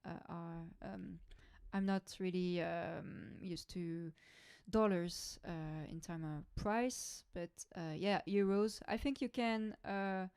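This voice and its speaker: A woman with a French accent chats casually on a live stream, hesitating often as she looks for the right English words. Her delivery is slow and unhurried. Her voice is smooth and crisp, with no room echo. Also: lowish voice, darkish tone, clean studio sound. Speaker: drummer hosting a live lesson.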